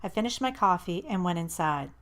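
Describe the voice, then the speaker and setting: A woman reading a first-person novel aloud in a steady, measured narration. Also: lowish voice. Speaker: audiobook narrator.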